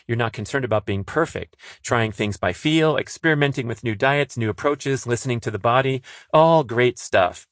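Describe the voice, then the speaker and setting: A man's voice: medium pitch, no room sound, studio quality. A middle-aged man hosting a solo podcast, chatty and enthusiastic, with lots of "uh" fillers. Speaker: podcast host. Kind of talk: casual solo podcast talk.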